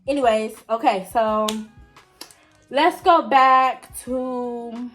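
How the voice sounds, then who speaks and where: High-voiced chatty young woman vlogger. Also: drawn-out words, soft background music. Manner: chatty, talks straight to viewers; big pitch jumps in excited moments. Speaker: vlogger telling a story. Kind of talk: casual storytime chat.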